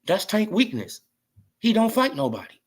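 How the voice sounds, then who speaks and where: A husky, high male voice swings hugely in pitch at a moderate pace. The speaker, a boxing commentator vlogger, gives a casual opinion rant that's mocking and repetitive, with frequent "right?" and "you feel what I'm saying."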